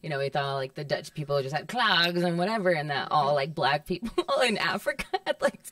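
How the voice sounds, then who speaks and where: A woman hosting a podcast, chatting fast and casually with quick interjections. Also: low voice, animated, a bit bright, recorded from a distance, slight background noise. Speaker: podcast host. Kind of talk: casual chat.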